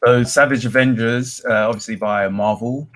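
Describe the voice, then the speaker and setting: A man's voice: medium pitch, steady tone, moderate pace, a bit bright. A man, co-hosting a casual comics chat and talking hesitantly, with many ums and restarts. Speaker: podcast co-host.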